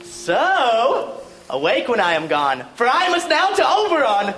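A performer voicing a mischievous fairy sprite in a Shakespeare reading, playful and swinging between hushed lines and sudden exclamations. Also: mid-range voice, sing-song, a little slow, faint music behind. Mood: impish.

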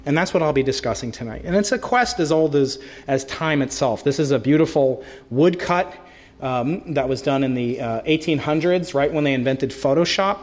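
A middle-aged man gives a public science lecture in a hall, his fairly high voice ringing with a long echo. He is animated and playful, jumps between jokes and explanations, and often restarts his sentences. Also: moderate pace. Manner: animated, joking, with frequent restarts. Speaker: astrophysicist giving a public lecture.

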